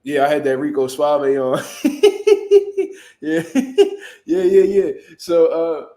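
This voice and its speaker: Profane, animated man telling a story. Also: fairly high pitch, moderate pace. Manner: profane, animated, jumps into loud acted-out quotes. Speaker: boxing trainer. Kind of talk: casual storytelling.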